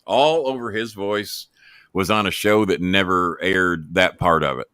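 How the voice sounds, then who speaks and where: Low-voiced man in his sixties, spinning profane tales. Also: measured pace, clean tone, no echo, studio quality. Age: 60s. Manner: animated storyteller, swears freely, acts out quotes. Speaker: guest, former wrestling manager. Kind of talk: profane storytelling in a podcast chat.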